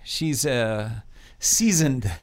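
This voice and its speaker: A man's voice: medium pitch, animated, drawn-out words. A man in his fifties, a podcast host, chatting casually and joking with easy laughs. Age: 50s. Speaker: podcast host, editorial board member.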